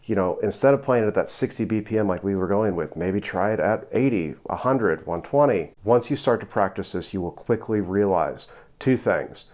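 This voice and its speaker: A man giving a relaxed guitar lesson, counting beats aloud and explaining picking. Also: lowish voice, moderate pace, few pauses. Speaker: guitar teacher.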